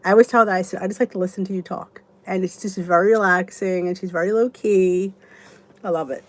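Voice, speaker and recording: A woman's voice: mid-range voice, fairly even intonation, brisk. A woman in her fifties hosting a casual live chat, answering viewers by name and rambling in a chatty way with many restarts. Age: 50s. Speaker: YouTube channel host.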